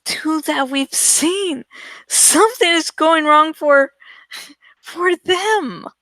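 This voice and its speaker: A woman voicing an earnest teenage boy who speaks in an urgent, hushed whisper. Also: sits high, very slow, no echo, voice pushed up, heavily acted. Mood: worried.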